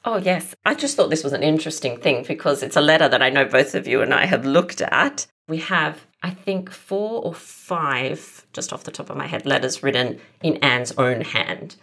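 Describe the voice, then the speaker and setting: Woman, very deep gravelly voice, podcast guest, discursive historian. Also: expressive, normal speed, hardly any pauses, a bit bright. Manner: thoughtful, explains at length with many asides. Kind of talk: podcast interview.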